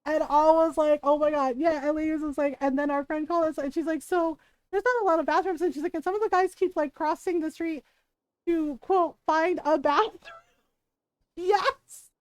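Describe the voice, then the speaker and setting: Very high-voiced woman telling a story. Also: normal speed, no echo. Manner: animated storytelling, acts out quotes, laughs often. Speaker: streamer. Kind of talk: casual chat while gaming.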